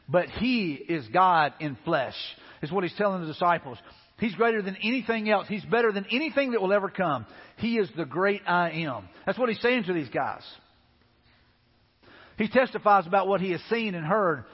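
A man's voice: sits high, slightly rough, in a large hall, lo-fi sound. A man preaching a sermon as a pastor, talking to the congregation in a loose, conversational way with repeated asides. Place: church sanctuary.

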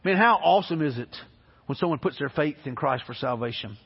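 A man's voice: fairly high pitch, lively intonation, a little fast, gravelly, husky. A man preaching a sermon, earnest and conversational, often restarting his phrases. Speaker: pastor. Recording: lo-fi, long reverb of a large hall.

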